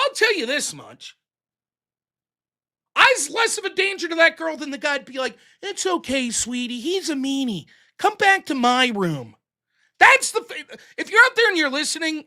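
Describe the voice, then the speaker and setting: A man with an extremely high, bright, forceful voice rants while hosting a live stream. His commentary is heated, profane and sarcastic, and he mocks others using put-on voices.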